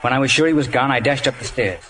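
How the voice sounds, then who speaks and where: A man's voice: medium pitch, quick pace, a bit bright, slight background noise, natural voice. An actor narrating as a grown man looking back on his boyhood adventure, in an earnest, reflective vintage radio drama style.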